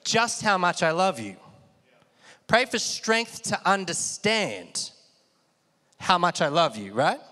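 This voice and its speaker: High bright guy preaching, lively call and response, echoey hall reverb. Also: slow, long pauses. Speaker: pastor. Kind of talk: sermon.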